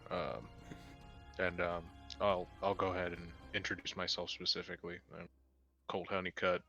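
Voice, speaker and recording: A man playing a character in a tabletop game, speaking quietly and hesitantly. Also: low voice, level tone, moderate pace, gravelly, highs cut off, soft background music. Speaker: player.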